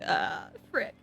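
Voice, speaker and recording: Slow-talking teary young woman streamer. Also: bright, forceful tone. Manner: emotional, teary, self-talking. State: fighting tears. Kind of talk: casual live game commentary.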